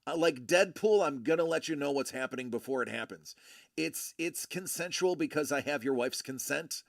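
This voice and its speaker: A man hosting a casual livestream, joking and teasing his viewers with quick asides. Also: fairly high pitch, expressive, vocal fry, no echo, studio quality. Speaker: livestream host, collector.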